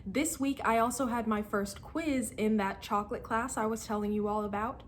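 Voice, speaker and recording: A woman in her twenties telling stories in a casual vlog, animated and laughing as she acts out her friends' lines. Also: a little high, normal speed, a little hiss or hum. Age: 20s. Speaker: student vlogger.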